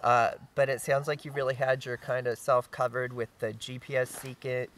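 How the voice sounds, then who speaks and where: A man's voice: medium pitch, little pitch movement, moderate pace, a bit bright. A man co-hosting a casual outdoor chat, easygoing and full of "uh" and "um" as he responds to stories. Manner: easygoing, filler-heavy encouragement. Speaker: co-host reading listener stories. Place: outdoors by a campfire. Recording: distant mic, faint noise.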